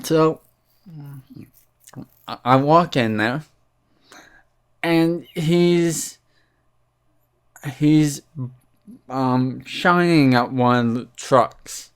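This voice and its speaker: A young man telling a rambling, halting story about a bad experience in a casual vlog, mildly irritated and full of fillers. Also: on the high side, smooth. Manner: mildly irritated, recounting a complaint. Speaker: vlogger.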